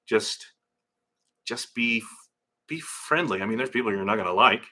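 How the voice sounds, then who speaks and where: Middle-aged male livestream host, rambling and chatty, reads comments as he goes; low-set voice, bright and tense edge. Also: expressive, moderate pace. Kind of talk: casual livestream chat. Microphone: phone camera.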